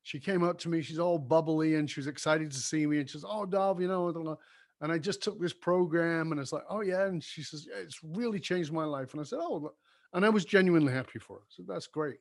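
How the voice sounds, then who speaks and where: A man's voice: on the high side, brisk. A middle-aged man who once ran a seminar company, telling stories in a casual conversation and acting out the voices of the people he quotes. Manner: animated storyteller who acts out quoted voices. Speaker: former seminar company owner.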